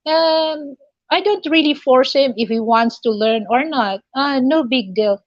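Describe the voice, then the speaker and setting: A woman with a Filipino accent hosting a casual live chat, halting and full of fillers and restarts. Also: sits high, no room sound, lo-fi sound. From Philippines. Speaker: livestream host.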